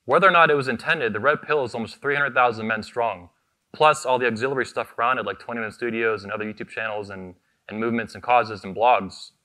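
His medium-pitched voice sounds pushed and bright, and he keeps a quick pace. The man, founder of the convention, is giving a fiery keynote on stage into a microphone, combative and profane, driving home short repeated phrases.

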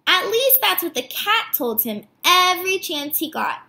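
High, animated teacher reading a storybook. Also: female voice, measured pace, hardly any pauses. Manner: warm and animated. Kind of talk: reading a picture book aloud. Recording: echoey room.

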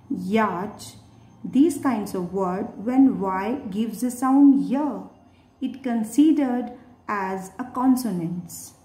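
A woman teaching a phonics lesson for young children, slowly sounding out each letter. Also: fairly high pitch. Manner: slow, deliberate, stretches each sound. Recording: echoey room.

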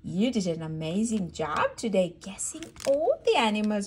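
A woman's voice: mid-range voice, wildly swooping pitch, moderate pace, a little mellow, a little hiss or hum. A woman reading a barn animal book aloud to a toddler, in a sing-song way with animal sounds. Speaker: storybook reader for toddlers. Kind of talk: read-aloud for babies.

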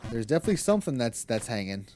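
A man's voice: medium pitch, very animated, rapid-fire, mellow, slight background noise. A young man streaming a game, chatting casually, reading chat aloud, laughing often and swearing freely. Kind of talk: casual live-stream chat while gaming.

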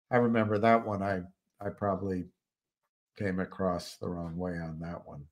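A man's voice: sits low, little pitch movement, normal speed. An older man hosting a live stream, chatting casually and rambling with frequent restarts. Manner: rambling, musing, many restarts. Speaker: livestream host.

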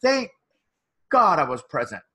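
A man's voice: on the high side, sing-song, measured pace, bright, forceful tone, slightly rough. A man, a motivational speaker and author, earnestly telling a personal story as a guest in an interview.

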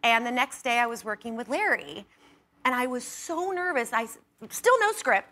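A woman in her thirties, a talk show guest, telling an animated anecdote, acting out dialogue and laughing as she goes. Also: fairly high pitch, normal speed. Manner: animated storyteller who acts out quoted dialogue and laughs often. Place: TV studio.

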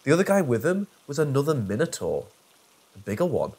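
A man reading a horror story aloud in the first person, with a husky voice and lively, animated pitch. His delivery is dry and sarcastic. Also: fairly quick. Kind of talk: scripted first-person narration.

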